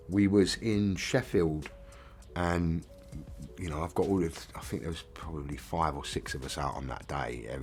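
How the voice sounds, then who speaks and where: Deep-voiced English man telling his story. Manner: plain-spoken, casual, frank. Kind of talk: candid first-person storytelling.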